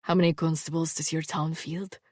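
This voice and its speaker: A woman voicing an immortal male swordsman who speaks in a low, quiet, dryly amused undertone. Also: flat delivery, normal speed, no room sound, studio quality. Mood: hushed. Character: gruff immortal male swordsman, dry wit.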